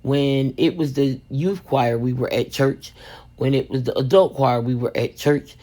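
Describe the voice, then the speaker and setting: A woman resin craft vlogger telling a funny family story and giving supply tips in a lively, chatty way, calling viewers "baby". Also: rumbling low, measured pace.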